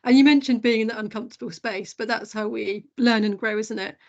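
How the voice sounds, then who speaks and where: A woman hosting an interview, asking questions and giving steady encouraging replies in casual talk. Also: fairly high pitch, a little fast, lo-fi sound. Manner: encouraging, frequent affirming backchannels. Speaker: podcast host.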